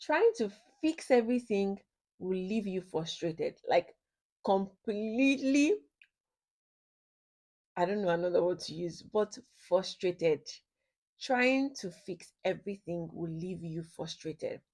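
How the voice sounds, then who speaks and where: A ministry teacher lectures slowly on marriage in a mid-range, darkish voice with lively intonation. She keeps questioning her audience and hammers home her points through repetition, in an earnest, instructive manner.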